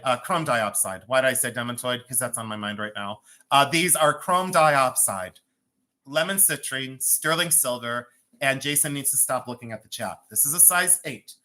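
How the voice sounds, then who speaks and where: A bright, forceful voice of a host selling rings on a live stream from home. The talk is loose and joking, with frequent laughter between prices and stone names. Pitch sits in the middle of the range. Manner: chatty, joking, laughs often. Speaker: host of a live jewelry sale.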